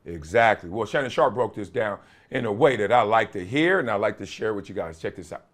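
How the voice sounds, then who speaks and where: A man's voice: fairly low pitch, animated, brisk. A man in his late forties hosting his own talk show in casual commentary, laughing often and using folksy slang. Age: late 40s. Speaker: host.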